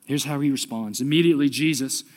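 A preacher delivering an urgent, exhorting sermon, repeating his appeals and swinging between soft and loud passages. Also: mid-range voice, fast talker. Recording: long hall reverb.

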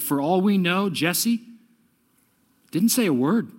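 A preacher delivering an urgent, exhorting sermon, repeating his appeals and swinging between soft and loud passages. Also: sits high, expressive, slow, long pauses, slightly rough. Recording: long hall reverb.

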